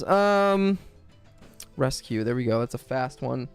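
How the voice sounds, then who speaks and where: A man's voice: medium pitch, expressive, takes it slowly, clear, resonant tone, faint music behind. A young man streaming a video game, chatting casually in a rambling, crude and joking way, full of swearing. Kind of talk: casual gaming stream chat.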